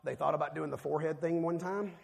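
A man preaching a sermon, telling a personal story and swinging between hushed, quiet passages and loud, emphatic ones. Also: a little high, fairly even intonation, fast talker, gravelly, husky. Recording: long reverb of a large hall.

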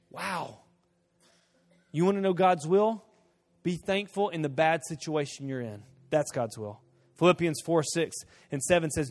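A man preaching a sermon, dropping to a hush and then rising to loud emphasis, acting out short dialogues in different voices. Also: on the high side. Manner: swings from hushed to loud, emphatic. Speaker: pastor.

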